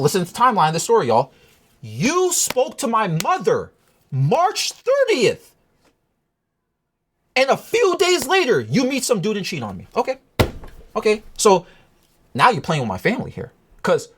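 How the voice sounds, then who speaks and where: A man's voice: on the high side, fairly bright tone, slightly rough. An emotional, upset man telling a personal story to his viewers in a casual, rambling, agitated way. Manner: agitated, rambling, restarts often.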